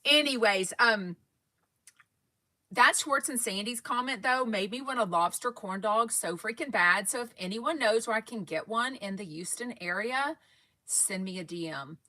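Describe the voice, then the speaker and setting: Here a fan podcast host with a Texan accent talks at a moderate pace, her fairly high voice pushed and bright. She's from Texas and keeps her casual livestream chatty and rambling, reading out comments from viewers.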